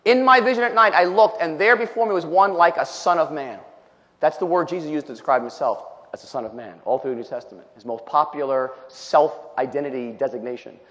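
A male preacher gives an emphatic sermon, reading scripture aloud and commenting between verses. His voice is a little high, fairly quick, and fairly bright, heard with long hall reverb.

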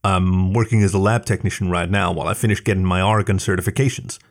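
A man voicing a short, polite cowboy bull who speaks softly and deadpan. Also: low-pitched, fast, close to an everyday voice.

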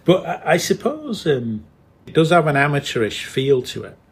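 A middle-aged man with a northern English accent, co-hosting a casual podcast chat, musing with halting restarts and frequent chuckles. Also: fairly high pitch, sing-song, slightly rough. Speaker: podcast co-host.

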